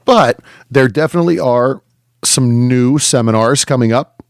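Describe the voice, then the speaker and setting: A mid-range male voice at a moderate pace co-hosts a podcast, chatting casually and laid-back, often stumbling, restarting, and saying "yeah" a lot. The recording is dry and studio quality.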